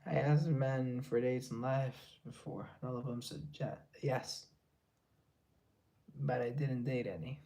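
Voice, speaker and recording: Male streamer, mid-pitched, unhurried, reads chat and answers casually, whispered asides. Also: dark tone.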